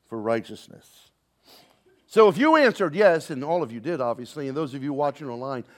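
A man preaching a sermon to a congregation, swinging between soft, slow lines and loud, quick ones and calling on the listeners to respond. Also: on the high side. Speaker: pastor. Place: church sanctuary with congregation, also streamed online.

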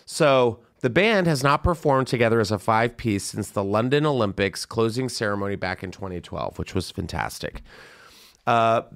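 Male podcast host, animated gossip, smooth resonant tone. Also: fairly low pitch, moderate pace. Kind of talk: casual chat.

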